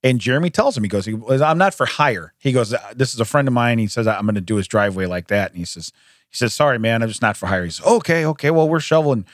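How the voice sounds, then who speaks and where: On a studio microphone with clean sound and no room tone, a man of medium pitch talks fast. He's co-hosting a podcast, narrating a story in an animated, casual way, often laughing and imitating the people he quotes.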